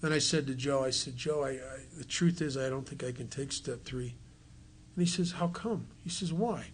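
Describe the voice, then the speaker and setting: A man's voice: medium pitch, steady tone, fairly quick, a little hiss or hum. A man giving a folksy story talk at a recovery retreat, acting out the voices of the people he quotes.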